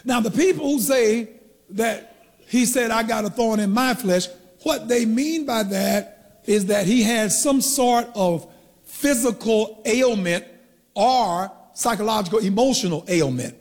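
A man's voice: high voice, a little slow, a little mellow, long reverb tail. A man preaching a teaching sermon, who asks the congregation questions and draws out the key words. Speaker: pastor.

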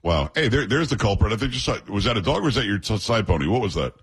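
Husky, fast-talking talk radio host. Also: male voice, lowish voice, sing-song. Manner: teasing, quick banter.

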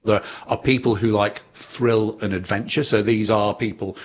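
A male expert with a low voice explains things in a measured, step-by-step way. The recording is dull, and a clear layer of background noise sits behind him. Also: fairly even intonation. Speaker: scientific expert. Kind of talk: explanatory interview.

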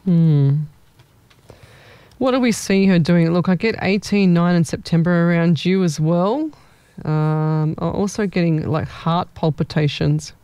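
Young medium, casual live-stream chat, thinks aloud, mellow, dry close sound. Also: medium pitch, measured pace, clear, resonant tone, no echo. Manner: chatty, rambling, thinks aloud.

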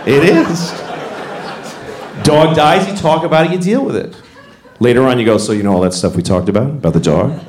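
A man telling stories in a stand-up set, lively, slipping into character voices. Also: medium pitch, a little fast, long pauses, a faint crowd. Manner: lively storytelling, putting on voices. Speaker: stand-up comedian. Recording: echoey room with noise.

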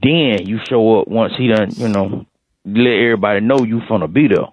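A man's voice: lowish voice, brisk, darkish tone, dry recording, lo-fi sound. A man calling in to a radio morning show as a regular, rambling, repeating himself and stalling in heavy slang. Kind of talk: comedic phone call-in bit.

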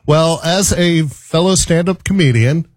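A man's voice: fairly high pitch, a little slow, no echo. A man who is a stand-up comedian, teasing a guest with playful banter. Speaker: comedian co-host. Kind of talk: joking banter.

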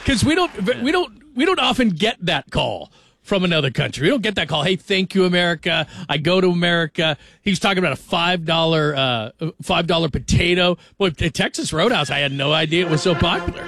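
A man hosting a call-in radio show, excitable and enthusiastic, repeating himself as he reacts. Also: a little high, a little fast, no echo. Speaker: radio talk show host. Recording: music playing under the voice. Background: patriotic music.

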